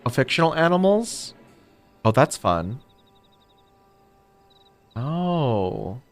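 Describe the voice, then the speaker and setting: A man's voice: medium pitch, very animated, drawn-out words, faint music behind. A man streaming a video game, rambling and chatty, often mocking himself. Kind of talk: casual gameplay commentary.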